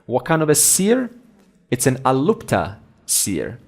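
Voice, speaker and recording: A man teaching a spiritual talk in a conversational way, slowing down to repeat key words and acting out inner dialogue in a quiet voice. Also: medium pitch, huge pitch swings, vocal fry. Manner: repeats words slowly for emphasis.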